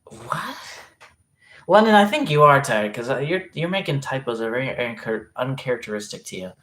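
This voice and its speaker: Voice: mid-range voice, very animated, brisk, fairly bright tone, a little hiss or hum. A livestreamer chatting casually and reading out chat messages, rambling with many restarts and frequent swearing. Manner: rambling, self-interrupting, reacting to chat messages; swearing freely.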